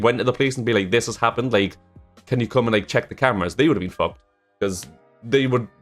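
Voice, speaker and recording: A young man telling a story on his channel, rambling with lots of fillers and swearing. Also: mid-range voice. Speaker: YouTuber. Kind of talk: casual storytime vlog. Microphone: desk microphone.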